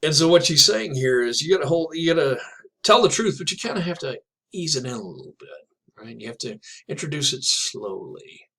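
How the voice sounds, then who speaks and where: A man teaching a literature class in a chatty, digressive way, reading poems aloud slowly and telling jokes along the way. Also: on the high side, sing-song, creaky, a bit bright, breathy edge, poor audio. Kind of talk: classroom lecture with poetry reading.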